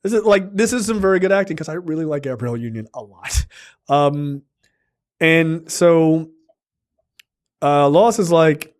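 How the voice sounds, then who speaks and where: Man with a slightly high voice, swearing freely. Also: animated, unhurried, long pauses, a little mellow. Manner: profane, retells scenes with lots of fillers. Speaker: podcast co-host reviewing a film. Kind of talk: casual chat.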